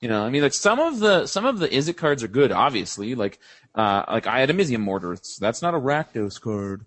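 He's a young man co-hosting a podcast, with a medium-pitched, slightly rough voice and a fairly quick delivery, recorded without echo. His stories ramble along in animated, profane, casual chat.

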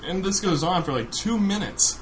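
A man's voice: high voice, expressive, moderate pace. A man casually telling a funny story on a podcast, laughing often as he goes. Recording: noisy recording.

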